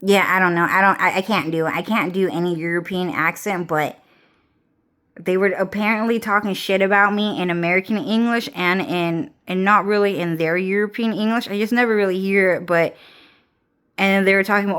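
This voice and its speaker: A woman's voice: medium pitch, fairly even intonation, brisk, fairly bright tone, smooth. A young woman vlogger ranting casually, rambling and swearing with frequent laughs. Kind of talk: casual rant.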